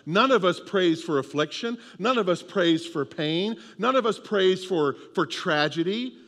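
A man's voice: high-pitched, animated, measured pace, a bit bright, in a large hall. A man preaching a sermon with an emphatic, repetitive cadence. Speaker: pastor.

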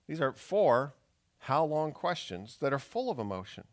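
A man's voice: a little high, big pitch swings, normal speed. A man preaching a sermon, reading scripture and acting out its pleading questions with strong expression. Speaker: pastor.

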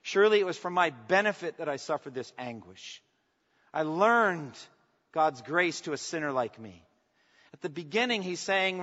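A man preaching a sermon as pastor, swinging from emphatic declarations to soft, intimate asides and asking the congregation for response. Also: on the high side, expressive, moderate pace. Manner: preaching with rising emphasis, then dropping to soft, intimate lines. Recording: long reverb, dull lo-fi sound.

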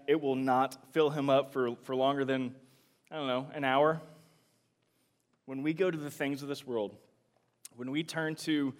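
A young man leads a youth sermon in a loose, conversational way, with a voice a touch higher than most men's. He gets animated while he works through an object lesson and sometimes talks with food in his mouth. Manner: casual, animated, chewing food while talking. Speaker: youth pastor.

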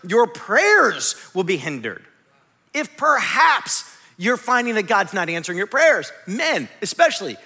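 A male pastor preaching a sermon dramatically, swinging between loud bursts and hushed, quiet passages. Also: very high-pitched, in a large hall.

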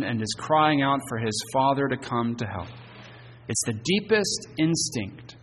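A man preaching an evening sermon, earnest, with emphatic stresses and phrase endings that drop soft. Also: medium pitch, big-room sound, a little hiss or hum. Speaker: pastor. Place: church sanctuary.

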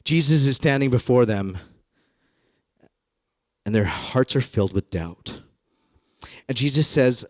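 Brief: male pastor, playful jokey sermon delivery, mid-pitched voice, dry close sound. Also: lively intonation, a little slow, pauses often, no room sound. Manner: playful, jokey storytelling with acted-out quotes.

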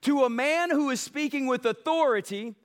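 A man's voice: extremely high pitch, normal speed. A male pastor preaching a sermon emphatically, building passion. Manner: emphatic, building passion, mocks soft quotes.

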